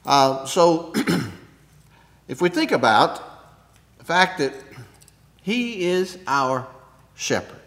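A man preaching a sermon, unhurried, often clearing his throat, building to emphatic peaks and then dropping soft. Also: on the high side, big pitch swings. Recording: long hall reverb.

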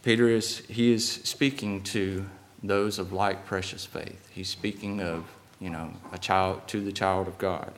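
A hoarse man preaching a sermon in a church, halting with fillers and restarts. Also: sits low, level tone, a little hiss or hum.

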